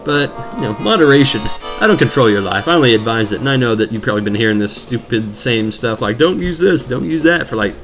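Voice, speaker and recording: A man's voice: on the low side, fast talker, a bit bright. A man rambling and joking as he commentates his own gameplay, drifting from topic to topic. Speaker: let's play commentator. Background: video game music.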